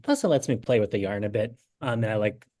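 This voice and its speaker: A young adult man, a knitting designer telling an animated story in a casual interview, acting out the quotes. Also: lowish voice, fast, dry recording, studio quality. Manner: animated, acts out quotes with lots of "I'm like".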